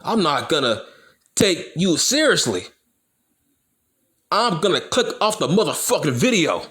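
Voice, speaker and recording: Heated, profane man ranting, lively pitch. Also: measured pace. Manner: heated, profane, repeats himself for emphasis. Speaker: wrestling YouTuber. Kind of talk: profane opinion rant to camera.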